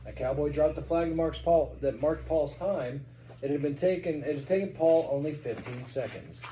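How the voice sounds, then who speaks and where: A man's voice: a little high, moderate pace, mellow, roomy sound, a little hiss or hum, poor audio. A man from Kentucky, a parent reading a storybook aloud to a child at home, with chatty asides.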